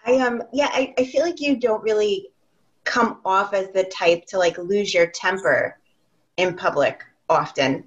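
A young woman hosts a relaxed podcast, asking her guest loose questions full of fillers. Her voice sits at a medium pitch, and the recording has a dull, lo-fi tone. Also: measured pace. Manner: asks questions with many fillers. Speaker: podcast host. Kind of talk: casual interview chat.

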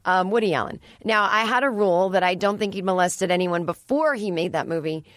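A woman's voice: on the low side, a little fast, fairly bright tone, dry recording. A woman hosting a podcast in a studio, chatting in a rambling way with sarcastic asides. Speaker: podcast host. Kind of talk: casual solo podcast chat. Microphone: studio microphone.

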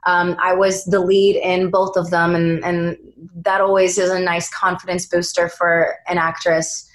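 A young woman, an actress being interviewed, telling dramatic anecdotes in a lively, animated way. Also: on the low side, a little slow. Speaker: actress guest.

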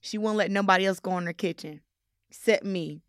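A young woman giving a candid interview, talking haltingly with many fillers. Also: medium pitch, smooth, no echo, clean studio sound. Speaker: interview guest. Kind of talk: casual interview talk.

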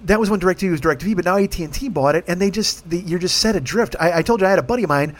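A podcast host telling a long, rambling story in casual, profane language, with frequent restarts and exasperation. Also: male voice, high voice, very fast.

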